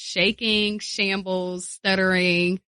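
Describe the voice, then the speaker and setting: A woman radio personality talking casually in a studio interview, lively and repeating phrases for emphasis. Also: medium pitch, slow pace, clear, resonant tone, dry recording. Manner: animated, acts out quoted voices, repeats phrases for emphasis.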